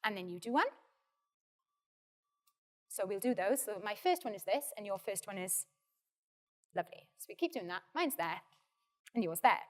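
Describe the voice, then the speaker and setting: A woman with a Welsh accent, an actor leading a practical drama workshop and giving clear, encouraging instructions. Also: medium pitch, expressive, moderate pace, pauses often.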